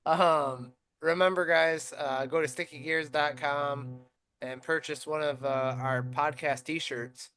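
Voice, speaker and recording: A man with a fairly high voice speaks slowly as he hosts a racing podcast. Chatting casually, he tells stories with real animation and leans on plenty of fillers.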